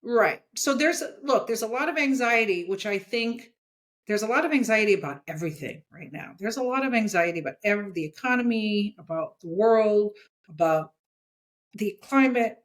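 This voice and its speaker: A woman with a mid-range, fairly bright voice speaks bluntly and emphatically. She's a comics editor appearing as a guest in a casual interview, frequently checking in with "okay?"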